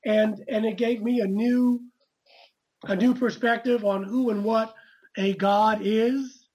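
A woman's voice: fairly high pitch, steady tone, slow pace, a little mellow, slightly rough, poor audio. A woman author as an interview guest, speaking earnestly with many repeated restarts. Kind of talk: conversational interview.

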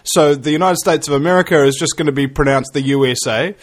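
A man's voice: a little high, fast talker. Rambling New man, full of fillers. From New Zealand. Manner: rambling, filler-heavy, joking. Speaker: radio guest and fellow show host. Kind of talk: casual talk radio chat.

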